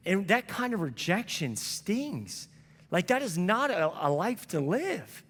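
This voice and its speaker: A man's voice: sits high, sing-song, slow, fairly bright tone, in a large hall. A man preaching a sermon as a pastor, telling a story in a conversational, earnest way. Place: church sanctuary.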